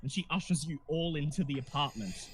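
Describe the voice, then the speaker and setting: A man's voice: on the high side, a little fast. A man narrating a tabletop horror game as game master, in a descriptive, wry way.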